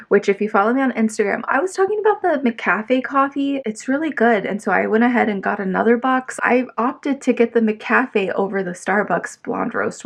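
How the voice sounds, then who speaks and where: A woman's voice: mid-range voice, breathy edge. A young woman rambling casually to the camera in her bedroom, talking to her followers with lots of fillers. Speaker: vlogger. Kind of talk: casual chatty vlog.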